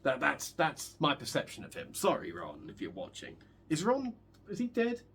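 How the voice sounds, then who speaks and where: A man's voice: fairly high pitch, wildly swooping pitch, normal speed, a bit bright, slightly rough. A young man chatting casually as a guitar vlogger while he practices, rambling and joking with many restarts. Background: guitar playing.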